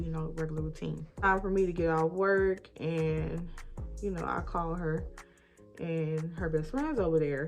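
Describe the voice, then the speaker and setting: A woman in her twenties telling an emphatic, casual storytime while getting ready, acting out both sides of an argument. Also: fairly low pitch. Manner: animated, emphatic storytelling, often addressing listeners as y'all; acts out both sides of arguments, rising loud when retelling fights. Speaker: vlogger.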